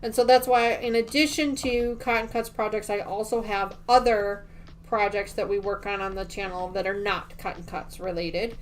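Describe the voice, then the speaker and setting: A woman's voice: medium pitch, level tone, moderate pace. A middle-aged woman hosting a quilting livestream, chatting casually and rambling with many ums and restarts while she sews at home. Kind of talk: casual chat while sewing.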